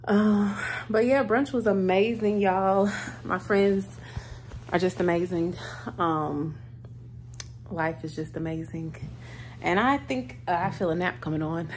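A woman's voice: fairly low pitch, slow pace, darkish tone, slight background noise. A thirty-year-old woman chatting casually to her camera in a hotel room, easily moved to tears. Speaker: vlogger. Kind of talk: casual vlog chat.

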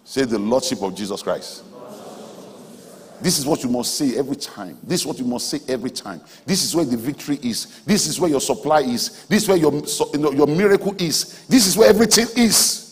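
A man preaching a sermon in a large auditorium, emphatic, swinging between soft asides and loud exhortation. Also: medium pitch, expressive, fairly quick, husky. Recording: hall reverb from a large auditorium.

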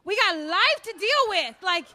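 High-voiced brash woman doing stand-up. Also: sing-song, sharp tone. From United States. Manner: brash, rapid, punchy delivery with character voices. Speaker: stand-up comedian. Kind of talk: stand-up comedy set. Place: comedy club stage. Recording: echoey club with faint noise.

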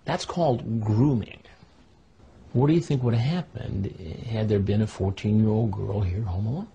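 A man conducting a confrontational news interview, asking calm, measured, pointed questions. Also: fairly low pitch, gravelly, highs cut off, slight background noise.

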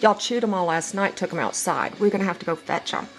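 A woman's voice: lowish voice, quick pace, a bit bright. A middle-aged woman, a dog breeder chatting casually through a home video and talking baby talk to her dogs. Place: house, indoors.

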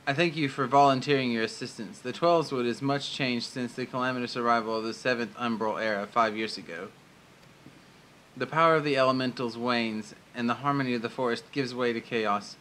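A man reading the lines of a kindly, solemn male instructor, slow and formal. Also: mid-range voice, bright, forceful tone, slight background noise, close to an everyday voice, low-quality recording.

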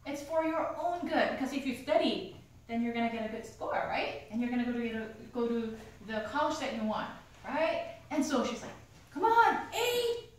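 Woman lecturer, animated storyteller, fairly high voice, echoey classroom, distant mic. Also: normal speed. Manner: animated storytelling, laughs often, asks the class questions. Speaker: university lecturer. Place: university classroom. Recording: echoey room, mic from far off, faint hum.

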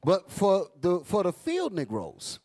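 Animated preaching man, lively pitch. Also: a little slow. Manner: animated, joking, street talk. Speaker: bishop. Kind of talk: preaching sermon.

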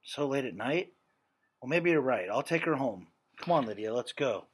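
A man reading aloud, voicing a tired, gentle father who speaks calmly. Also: mid-range voice, normal speed, husky. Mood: resigned. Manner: sighing, calm.

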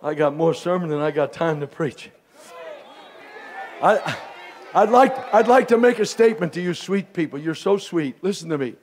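A bishop preaching a fiery Pentecostal sermon at a live camp meeting, swinging from hushed folksy asides to shouted exhortation. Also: male voice, a little high, lively intonation, moderate pace. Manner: folksy, calls listeners pet names. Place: live service before a congregation.

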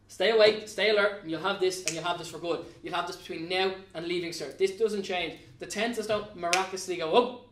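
An Irish man with a high voice teaches a grammar lesson, spelling words out letter by letter and coaxing his students to keep up. He sounds a little distant from the mic. The classroom gives his voice a roomy echo. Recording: echoey room, mic at a distance.

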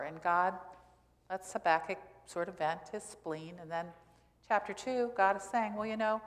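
A woman pastor giving a sermon in a conversational style, asking the congregation questions as she goes. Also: fairly low pitch. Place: church sanctuary. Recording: church hall reverb.

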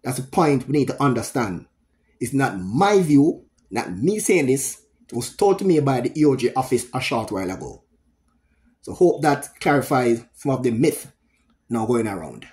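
A middle-aged Jamaican man giving solo political commentary, speaking emphatically and repeating points with frequent pauses. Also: medium pitch, sing-song, a little mellow. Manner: emphatic, repetitive, pausing often.

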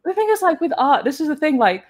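High-voiced chatty woman host. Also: big pitch swings, fast. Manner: chatty and laughing, acting out her own reactions. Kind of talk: casual live-stream chat.

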